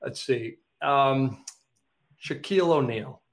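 A man's voice: mid-range voice, slow. A man hosting a casual interview, playful and laughing easily, with lots of hesitant fillers. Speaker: podcast host.

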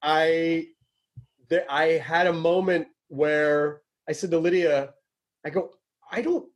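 A man from Tennessee hosting a podcast, excitable and swearing freely in casual chat. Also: on the high side, slow. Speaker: podcast host.

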